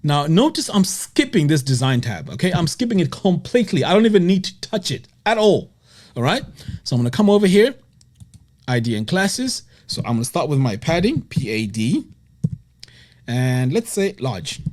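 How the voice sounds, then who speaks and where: Lively man walking through a web tutorial. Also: on the high side, normal speed. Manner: talks to the viewer directly, checks in with frequent "okay?" and "right?". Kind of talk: screen-recorded software tutorial.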